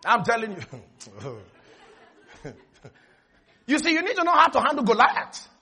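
Brief: male preacher, very high bright voice, animated and shouty. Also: a little slow, a faint crowd. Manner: animated, acts out dialogues, shouts and laughs. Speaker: pastor. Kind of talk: sermon.

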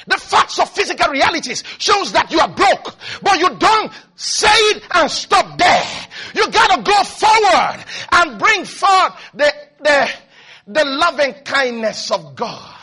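A man preaching a sermon as pastor, often shouting and calling on the congregation to answer. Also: extremely high pitch, very animated, measured pace, a faint crowd.

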